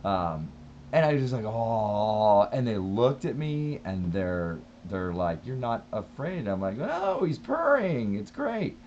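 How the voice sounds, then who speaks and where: A man's voice: lowish voice, expressive, unhurried, dark tone, highs cut off, a little hiss or hum. A man talking thoughtfully in a casual vlog monologue, rambling with frequent restarts. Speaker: vlogger.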